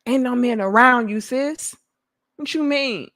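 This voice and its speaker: A young adult woman, delivering a profane, animated commentary rant and acting out mocking voices. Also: fairly high pitch, a little slow. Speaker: commentary host. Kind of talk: ranting commentary monologue.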